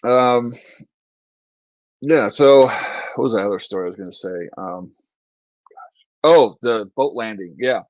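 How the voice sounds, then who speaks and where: A man's voice: medium pitch, measured pace, long pauses, dry recording, dull audio. A man, a former Marine infantryman, hosting a podcast and telling stories in a casual, profane way, laughing often. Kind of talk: casual storytelling chat.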